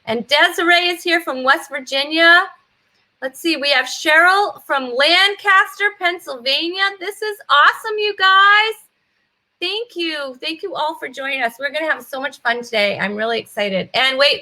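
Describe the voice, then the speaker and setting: A woman's voice: high-pitched, moderate pace, pushed and bright. A woman from Massachusetts hosting a live online talk show, cheerfully greeting viewers by name in casual chat. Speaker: host.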